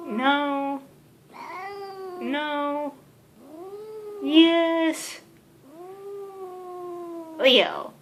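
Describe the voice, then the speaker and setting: A woman talks to her cat at home in a high, sing-song voice that swoops up and down. She takes her time, teasing and scolding him playfully, with a faint hiss under the home-camera sound. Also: big pitch swings, slow, long pauses. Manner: teasing baby talk to a pet, playful scolding. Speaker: vlogger. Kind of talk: casual home video talking to her cat.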